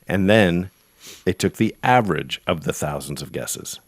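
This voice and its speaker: A man's voice: low voice, expressive, unhurried, no room sound, studio quality. A man co-hosting a casual podcast, playfully and confidently making up mock definitions. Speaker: podcast co-host.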